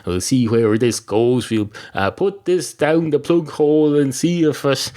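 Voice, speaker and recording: A man's voice: mid-range voice, unhurried, dark tone, pitched above the performer's own voice, natural voice. An Irish man voicing a grumpy, rambling talking bar counter, a male figure, in a comedy story.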